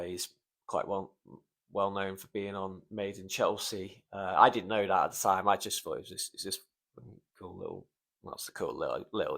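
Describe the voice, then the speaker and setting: A young man hosting a casual solo podcast, choked up and close to tears as he rambles, swearing often and filling pauses with ums. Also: lowish voice. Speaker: podcast host.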